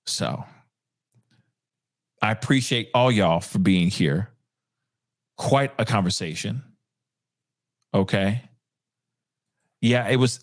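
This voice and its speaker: Chatty man hosting a live show. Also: on the low side. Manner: chatty, talks straight to viewers, laughs at his own jokes. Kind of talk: casual live news commentary.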